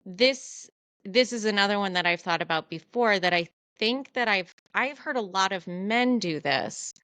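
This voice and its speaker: A woman co-hosting a podcast, talking in a candid, animated, self-deprecating way in casual chat. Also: medium pitch, moderate pace, no echo. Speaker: podcast co-host.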